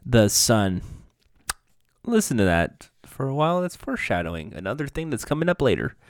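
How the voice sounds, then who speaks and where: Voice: medium pitch, big pitch swings, normal speed, no room sound, clean studio sound. A commentator narrating a show recap with crude, rambling, sarcastic asides.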